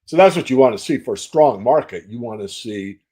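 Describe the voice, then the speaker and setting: An older man answering interview questions as a market analyst, measured and folksy, repeating phrases for emphasis. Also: mid-range voice, expressive, warm tone. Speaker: silver market analyst guest.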